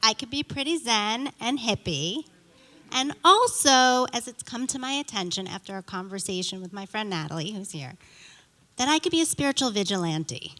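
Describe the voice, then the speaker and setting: A middle-aged woman performing a stand-up comedy set, telling stories with animated, indignant quoted dialogue. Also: fairly high pitch, moderate pace. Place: theater stage. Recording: reverberant theater hall.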